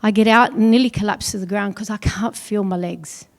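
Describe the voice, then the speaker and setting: A middle-aged woman telling a personal story on stage at an awards event, earnest and pausing heavily. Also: medium pitch. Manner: earnest, heavy pauses, quotes others in dialogue. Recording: long hall reverb.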